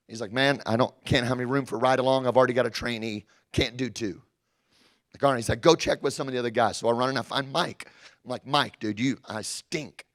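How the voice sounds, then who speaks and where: A man tells a story from his own working life. He is animated and jumps in and out of the voices of the people he quotes. His voice sits at an ordinary middle pitch for a man. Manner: animated, acts out quoted dialogue. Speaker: storyteller recounting his sales career. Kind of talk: energetic personal storytelling.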